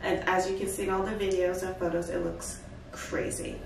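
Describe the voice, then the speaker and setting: Animated woman with a gravelly voice. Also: fairly low pitch, a little fast. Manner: chatty, animated storytelling with asides and laughter. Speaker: vlogger and fashion designer. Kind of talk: casual storytelling to camera. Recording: echoey room, distant mic, background noise.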